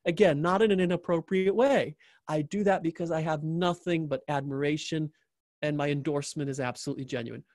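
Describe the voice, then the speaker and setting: A man's voice: a little high, brisk, darkish tone, dry recording, clean studio sound. A man hosting an interview, wrapping up with an enthusiastic, joking endorsement of his guest, often repeating phrases for emphasis. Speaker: interview host.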